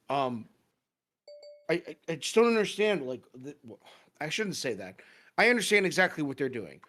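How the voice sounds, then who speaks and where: A man's voice: on the high side, sing-song, normal speed, fairly bright tone. A young American man co-hosting a casual talk show, ranting with frequent fillers and swearing. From United States. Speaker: podcast co-host. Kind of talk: casual chat.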